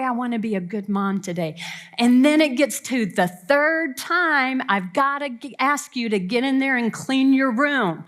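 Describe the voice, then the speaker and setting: Woman, 50s, fairly high voice, earnest, self-deprecating, storytelling talk. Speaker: family camp speaker. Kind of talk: warm personal talk to an audience.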